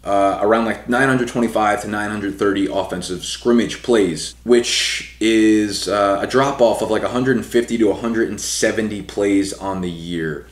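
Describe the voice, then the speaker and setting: A young man breaking down fantasy football rankings in a casual, talky way, full of "you know" and "right". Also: on the low side. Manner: fast casual delivery with fillers like "you know". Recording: echoey room.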